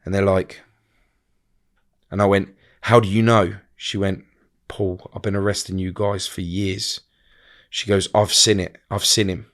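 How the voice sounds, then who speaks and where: A middle-aged man tells a hard personal story in a blunt, halting way. He restarts his sentences often and acts out what others said. His voice sits at a middling pitch. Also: fairly bright tone. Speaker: guest.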